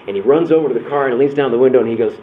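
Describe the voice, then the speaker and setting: A man's voice: medium pitch, rapid-fire. A man giving a conversational talk at a church workshop, telling personal stories and acting out the quotes. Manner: conversational, restarts and acts out quotes. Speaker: breakout session speaker. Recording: tinny phone-like sound with faint noise.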